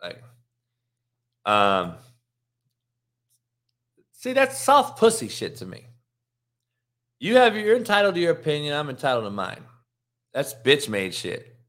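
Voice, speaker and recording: A man's voice: on the high side, wildly swooping pitch, unhurried, long pauses, fairly bright tone. A middle-aged man hosting a live sports show, ranting in a heated, profane way, mocking his chat and laughing between lines. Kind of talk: live-streamed sports rant.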